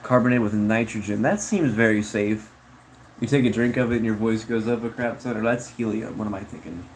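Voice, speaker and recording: A man's voice: lowish voice, steady tone, fairly quick, slight background noise, low-quality recording. A man chatting casually on a livestream, reading chat in a rambling, slangy way with frequent laughs.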